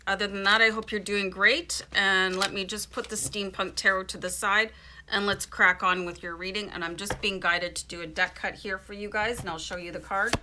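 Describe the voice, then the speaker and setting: A woman's voice: medium pitch, steady tone, normal speed, noisy background. A woman giving a casual, chatty tarot reading, informal and playful, with frequent fillers and asides. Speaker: tarot reader.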